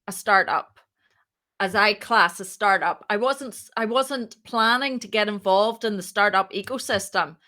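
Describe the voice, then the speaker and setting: Bright-voiced chatty woman telling a story. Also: mid-range voice, a little slow. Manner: chatty, animated, acts out quoted dialogue. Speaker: startup co-founder, guest. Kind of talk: casual storytelling in an interview.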